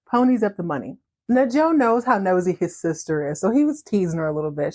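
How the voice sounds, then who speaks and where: A woman hosting a podcast, recapping a story in a chatty, animated way and laughing often. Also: on the low side, normal speed. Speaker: podcast host.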